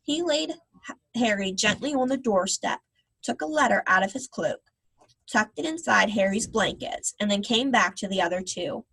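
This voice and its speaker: Breathy woman reading a story aloud. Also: mid-range voice, moderate pace, rough recording. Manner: gentle, expressive reading with voices. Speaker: reader reading aloud to children.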